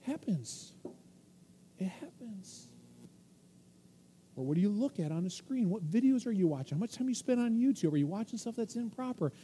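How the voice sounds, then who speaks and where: A man preaching a sermon as pastor, lively and emphatic, slipping into the voices of the world, the flesh and the conscience. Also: high-pitched, fast, few pauses, a little hiss or hum. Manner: animated preaching, acting out inner voices.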